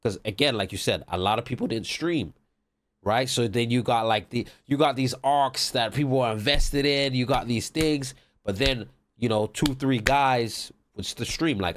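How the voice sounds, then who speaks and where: Rambling man telling a gaming story. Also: mid-range voice. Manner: rambling, lots of "like" and "whatever". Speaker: podcast guest. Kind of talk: casual storytelling chat.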